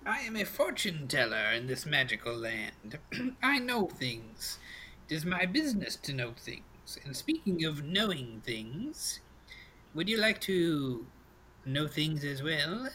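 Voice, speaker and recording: A man voicing a hunched old woman fortune teller with a crackling voice, slow and knowing. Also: deep voice, big pitch swings, pushed and bright, full character voice. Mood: sly.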